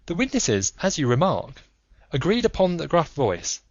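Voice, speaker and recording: A man voicing a calm, analytical male detective who lectures in a measured, methodical way, in an audiobook reading with a dull, dry sound. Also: a little high, dry recording. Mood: lecturing.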